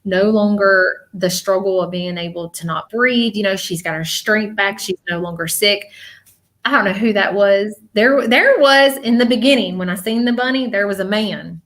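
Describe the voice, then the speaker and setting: A woman working as a psychic medium, giving a live reading in a halting way, full of fillers, restarts and repeated words. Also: mid-range voice, fairly bright tone.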